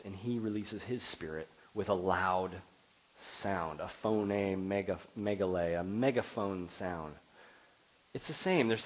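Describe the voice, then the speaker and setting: A middle-aged man delivering a sermon as pastor, expressive and building to emphatic peaks. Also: lowish voice, rough recording.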